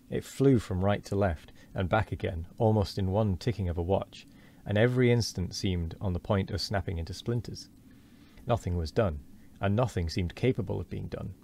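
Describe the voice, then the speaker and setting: Streamer, male, low voice, earnest read-aloud of a classic novel with frequent restarts. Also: a little mellow. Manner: earnest reading with frequent stumbles and self-corrections.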